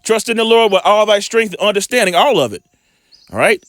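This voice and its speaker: Animated high-voiced man reading scripture. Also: dry recording, studio quality. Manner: slow deliberate reading, casual asides. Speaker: scripture teacher.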